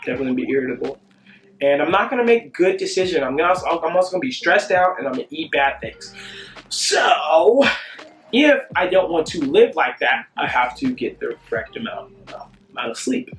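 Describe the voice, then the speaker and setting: Young man, casual self-help vlogger, lively and sing-song, slightly high voice, roomy echo, faint music bed. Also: brisk. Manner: animated, sing-song asides and whoops, asks "you see what I'm saying?". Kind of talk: casual motivational monologue.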